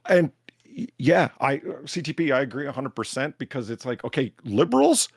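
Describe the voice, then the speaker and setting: A man's voice: medium pitch, very animated, fairly quick, gravelly, husky, dry recording, studio quality. A man hosting a livestream talk show, ranting emphatically and cursing freely while reading out donations. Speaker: podcast host.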